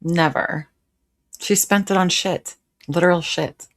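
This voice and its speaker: A woman's voice: fairly low pitch, fairly even intonation, unhurried, dry recording, clean studio sound. A woman hosting a live reaction stream, commenting bluntly and sarcastically. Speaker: reaction host.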